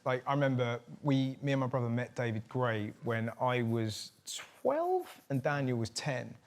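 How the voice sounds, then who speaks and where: A man hosting a casual chat, telling animated stories and laughing often. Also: medium pitch, moderate pace. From England. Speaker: host.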